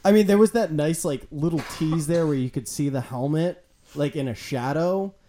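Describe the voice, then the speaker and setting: A man chatting casually as a podcast co-host, animated, swearing freely and acting out quotes. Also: on the high side, normal speed, a little hiss or hum. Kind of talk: casual chat.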